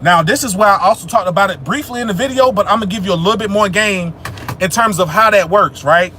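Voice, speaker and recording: A young man with a high, bright, forceful voice fields viewer questions on a livestream. He talks loose and profane, slips into street slang, and turns emphatic and preachy when he makes a point. A faint hum of traffic sits low behind him. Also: fast. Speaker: livestream host answering chat. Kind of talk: casual spiritual livestream Q&A.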